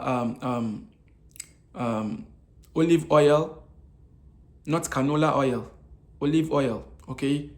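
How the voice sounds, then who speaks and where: A slightly high, darkish voice belongs to a man from Africa giving an informal nutrition lecture. He tends to ask rhetorical questions and then answer them, repeats his key points, and uses plenty of hesitation fillers.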